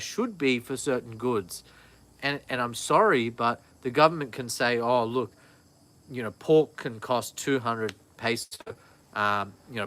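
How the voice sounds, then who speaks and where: A man's voice: medium pitch, a bit bright. A man, chatting casually and rambling on a live vlog, often correcting himself. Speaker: vlogger. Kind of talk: casual live-stream chat.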